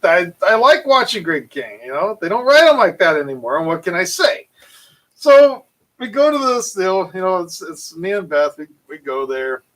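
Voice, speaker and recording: A man casually telling a long, animated story full of fillers and restarts. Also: high-pitched, normal speed, poor audio. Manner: animated, rambling anecdote with frequent fillers. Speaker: channel host.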